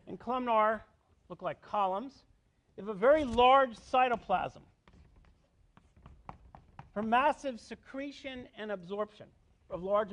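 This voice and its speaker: A middle-aged biology lecturer with a high, fairly bright voice walks a university lecture hall through the material one step at a time. He keeps checking on his students, quizzing them and repeatedly asking "okay?".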